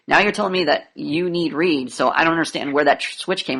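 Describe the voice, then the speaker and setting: A woman fires off sarcastic, deadpan questions in a mock interview. Her voice sits low and she talks very quickly, barely pausing between jabs. The tone is pushy and provocative throughout. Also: gravelly, husky.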